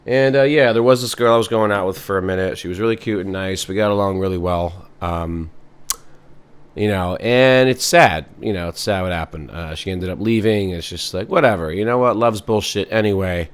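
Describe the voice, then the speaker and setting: A man's voice: sits low, moderate pace, clean tone. A man hosting a podcast in a rambling, sardonic comic monologue full of fillers. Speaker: podcast host.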